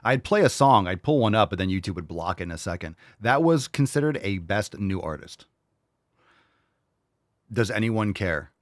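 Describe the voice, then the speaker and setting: A man's voice: fairly low pitch, animated, normal speed, no echo, clean studio sound. A man hosting a livestream, ranting and mocking while he reads viewer chat aloud, heavy with swearing. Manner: profane, mocking rant. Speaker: host. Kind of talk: livestream commentary, reading chat.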